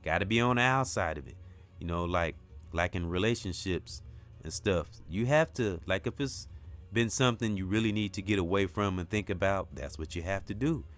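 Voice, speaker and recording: A man's voice: sits low, normal speed, a bit bright, faint music behind. A middle-aged man hosting a podcast, giving an earnest, rambling motivational monologue that keeps returning to "you know" and "brothers and sisters". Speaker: podcast host. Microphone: off-mic at the start.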